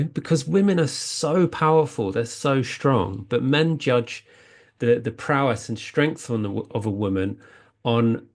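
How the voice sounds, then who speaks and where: A man talking earnestly as a spiritual healing coach, rambling and often restarting his sentences. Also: medium pitch. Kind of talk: casual spiritual talk.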